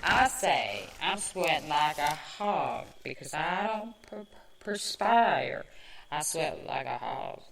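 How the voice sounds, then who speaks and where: A woman from the American South with a Southern accent, hosting a podcast in a chatty, self-mocking way with quick asides. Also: low voice, animated, gravelly. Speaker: podcast host. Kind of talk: casual chat. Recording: echoey room, mic at a distance.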